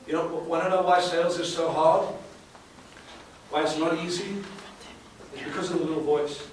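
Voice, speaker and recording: A sales trainer speaking emphatically to a live audience, asking rhetorical questions and repeating words for effect. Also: male voice, on the high side, steady tone, moderate pace. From South Africa. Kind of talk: live seminar talk. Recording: echoey room, far from the mic, faint hiss.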